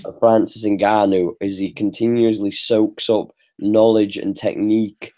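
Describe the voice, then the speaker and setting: A man's voice: fairly low pitch, little pitch movement, measured pace, warm tone. A man co-hosting a casual sports podcast, talking in a profane, emphatic way. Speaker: podcast co-host.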